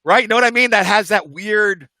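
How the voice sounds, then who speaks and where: A man co-hosting a podcast in casual chat, animated and firing off rhetorical questions. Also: high-pitched, brisk, no room sound. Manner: animated, jumps between topics with rhetorical questions. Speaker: podcast co-host.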